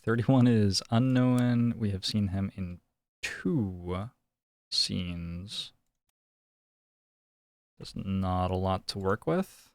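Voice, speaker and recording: A man's voice: deep voice, drawn-out words, long pauses, dry recording, studio quality. A young man streaming a detective game, musing and thinking aloud in casual commentary.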